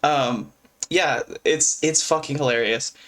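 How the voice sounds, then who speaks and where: A man's voice: mid-range voice, unhurried, a bit bright. A man co-hosting a casual podcast chat, rambling and giggling as he retells scenes, recorded at home. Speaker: podcast co-host. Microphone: own mic, muting at times.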